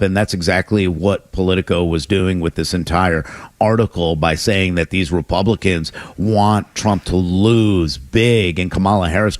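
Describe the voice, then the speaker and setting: A man's voice: fairly low pitch, dry recording. A man co-hosting a morning radio talk show, giving earnest, opinionated commentary. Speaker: radio co-host.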